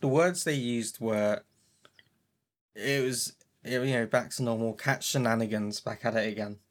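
A woman's voice: a bass voice, measured pace. A woman co-hosting a podcast in casual chat, rambling and self-mocking, prone to going off on tangents. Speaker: podcast co-host.

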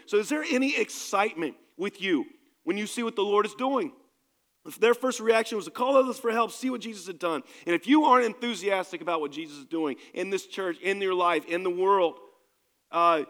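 A male pastor delivers a sermon in an emphatic, conversational manner, addressing the congregation directly. His voice sits a little higher than most men's. It carries with a long, lingering reverb from a church hall. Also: a bit bright.

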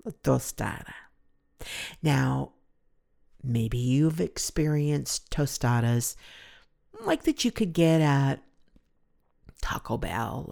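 Woman, middle-aged, from California, podcast host, casual rambling chat, emotional and gushing, deep voice. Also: creaky.

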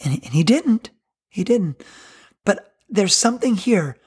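Slow, husky-voiced preaching man. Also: sits high, big pitch swings. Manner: earnest, conversational preaching. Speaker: pastor. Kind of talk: sermon.

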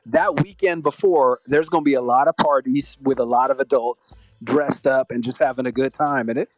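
A man's voice: medium pitch, steady tone, normal speed, no echo, low-quality recording. A man co-hosting a podcast, chatting casually and laughing often in easygoing banter. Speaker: podcast co-host.

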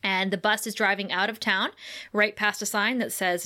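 A woman co-hosting a podcast, recapping a TV episode in casual chat, animated and laughing often as she acts out the characters' lines. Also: mid-range voice, unhurried. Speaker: podcast co-host.

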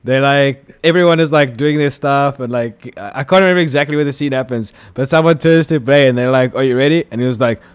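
A man's voice: mid-range voice, a little fast, hardly any pauses, clean tone, no echo. A man co-hosting a podcast in casual chat, joking and laughing along. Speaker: podcast co-host.

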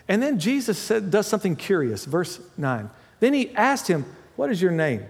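A man preaching a sermon as pastor, talking through a scripture passage in a conversational way, with asides and quick self-corrections. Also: high voice, sing-song, gravelly, big-room sound.

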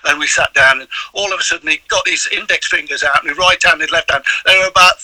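An older man, a former footballer, telling animated anecdotes in an interview, stumbling over repeated words. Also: fairly high pitch, fast, dry recording, low-quality recording. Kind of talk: storytelling interview.

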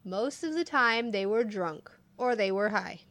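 A woman's voice: medium pitch, expressive, measured pace, a bit bright, dry recording. A woman casually telling funny work stories, laughing often as she goes. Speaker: podcast co-host telling stories. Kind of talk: casual storytelling chat.

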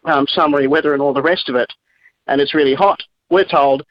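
A man's voice: fairly high pitch, dry recording. Wry Australian man on a muffled line. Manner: joking, wry and quick. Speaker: caller. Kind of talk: phone-in chat.

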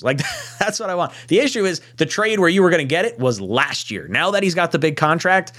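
A man's voice: on the high side, big pitch swings, fast talker, a bit bright. A man hosting a casual sports panel livestream, joking and reading viewer comments aloud. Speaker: panel host.

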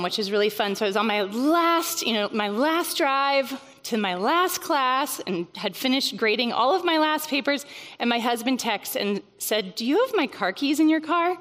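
A woman's voice: mid-range voice, fairly bright tone. Chatty woman speaking in a reverberant hall. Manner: chatty and conversational, many fillers, bursts of emphasis. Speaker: speaker at a mothers' group. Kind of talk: casual teaching talk.

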